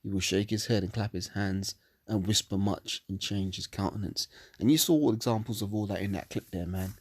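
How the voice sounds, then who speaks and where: A man's voice: lowish voice, fairly quick, husky, no echo. A man reading scripture verses solemnly and breaking into profane, angry commentary. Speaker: religious commentator.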